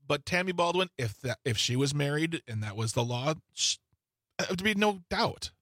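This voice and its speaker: A man's voice: on the high side, expressive, moderate pace, fairly bright tone, no room sound, clean studio sound. A man hosting a talk radio show, chatting emphatically and sometimes indignantly, with frequent restarts.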